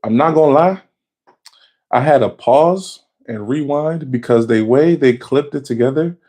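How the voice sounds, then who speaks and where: A man casually recapping anime episodes in a slangy, excitable way, swearing freely and jumping up in pitch when he gets worked up. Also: a little slow. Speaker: anime reaction vlogger.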